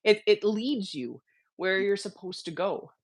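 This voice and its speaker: A woman guest in a casual interview, explaining with earnest, gentle warmth, her throat slightly sick. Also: medium pitch, expressive, unhurried.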